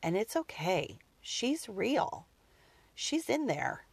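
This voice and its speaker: A woman in her thirties hosting a personal podcast, talking earnestly and reflectively with frequent pauses and restarts. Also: mid-range voice, very animated, creaky, breathy edge, no echo. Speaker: podcast host.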